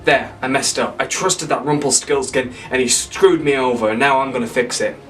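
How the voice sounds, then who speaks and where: A man's voice: mid-range voice, fairly even intonation, moderate pace, fairly bright tone, natural voice. Man playing a stubborn ogre, desperate, everyday voice, distant mic, faint music. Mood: determined.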